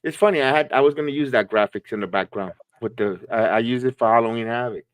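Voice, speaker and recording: A man's voice: mid-range voice, fast talker, dry recording. A man co-hosting a live watch-along stream, chatting casually and joking as he reacts to the matches. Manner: chatty, reacting with laughs and jokes.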